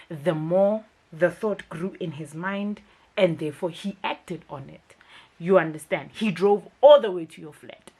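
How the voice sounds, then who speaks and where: A woman's voice: mid-range voice, a little mellow, slightly rough. A young woman, reviewing a TV series in a casual, chatty commentary vlog. She talks emphatically, with frequent fillers.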